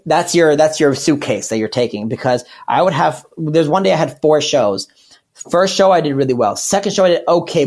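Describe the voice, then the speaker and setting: A man's voice: on the high side, a little mellow. A man who works as a comedian, talking as a podcast guest in a rambling, candid way and correcting himself as he goes. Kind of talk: casual podcast chat.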